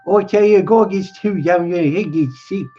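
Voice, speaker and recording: A man voicing a lonely, needling older male stable hand, drawn out and raised in pitch, on a dull lo-fi recording. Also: moderate pace, mellow, husky. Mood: pleading.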